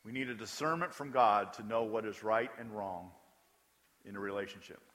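Emphatic preaching man, bright voice. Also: lowish voice, normal speed. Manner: emphatic preaching, acting out prayers. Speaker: pastor. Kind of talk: sermon. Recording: long hall reverb.

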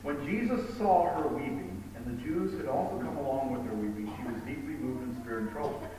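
A man preaching a sermon, telling stories with animated emphasis and reading scripture aloud. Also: medium pitch, brisk, a little hiss or hum. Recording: echoey hall, distant mic with faint ambience.

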